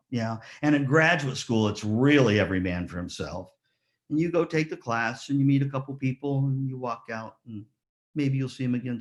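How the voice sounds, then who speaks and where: Male ceremony speaker, mid pitch, storyteller who acts out quotes and keeps asking the crowd "yeah?". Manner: lively storyteller, rhetorical questions, acts out quotes. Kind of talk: motivational speech with stories.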